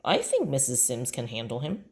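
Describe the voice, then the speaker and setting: Storybook mom, calm and wry, teasing her son, read by a woman, deep-set voice with lively turns. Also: moderate pace, full character voice. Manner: dry, gently teasing. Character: calm teasing mother, middle-aged. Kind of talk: children's book read aloud.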